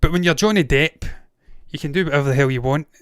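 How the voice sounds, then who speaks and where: Talking fast with a high, fairly bright voice that's clear and resonant, a Scottish man with a Glaswegian accent hosts a movie news show. He rants casually, swearing bluntly and digressing frequently in opinionated commentary, recorded at studio quality with no echo.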